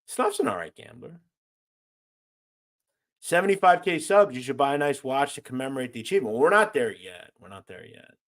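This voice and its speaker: A man's voice: mid-range voice, sing-song, brisk. A man hosting a casual livestream, reading viewer comments aloud and joking around. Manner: loose, joking, swings from loud to mumbled asides. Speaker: host.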